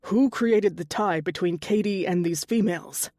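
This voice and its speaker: Woman doing calm male panther shifter, gentle, measured, dry audiobook voice. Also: medium pitch, no echo, lightly acted.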